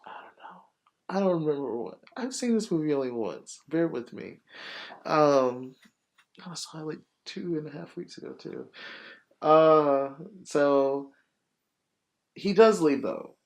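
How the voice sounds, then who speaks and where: A man hosting a podcast, casually retelling a movie plot in a rambling, profane, animated way full of fillers. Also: fairly high pitch, measured pace. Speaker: podcast host.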